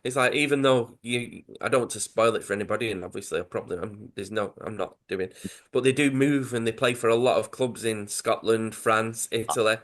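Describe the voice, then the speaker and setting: With a lowish voice and a fairly quick delivery, a Dudley-accented man co-hosting a podcast casually retells a comic story about football. He's lively in the telling, voicing the quotes himself and correcting his words mid-flow.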